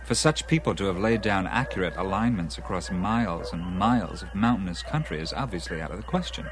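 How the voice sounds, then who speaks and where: A man's voice: low voice, animated, brisk, background noise. A man playing an eager dinner guest who lectures at length about ancient mysteries, often between bites of food. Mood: lecturing. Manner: eager lecturing, talks while eating. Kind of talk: film dialogue.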